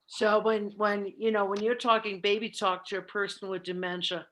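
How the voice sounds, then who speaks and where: Casting: middle-aged woman trainer, earnest, mid-pitched, often restarts phrases. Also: little pitch movement, moderate pace, background noise. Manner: earnest, self-correcting, repeats words. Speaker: caregiving trainer. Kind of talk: presentation with discussion.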